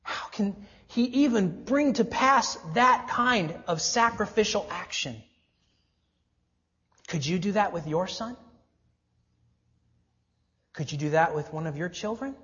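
A man delivering a sermon in an emphatic voice. He leans on rhetorical questions and slows right down to stress the key phrases. The recording sounds dull and lo-fi, with the top end missing. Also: high voice, lively intonation, fairly bright tone. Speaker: preacher.

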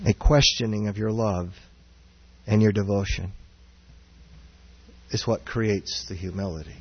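A man preaching a sermon as pastor, earnest and searching, swinging from raised, near-shouted passages down to low, quiet ones. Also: steady tone, a little slow, breathy edge. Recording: dull sound with long hall reverb.

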